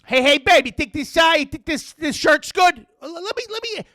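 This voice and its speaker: A man voicing a brash, sarcastic male lawyer from a film, loud and animated. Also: very high-pitched, brisk, dry recording, clean studio sound, voice pushed up, full character voice.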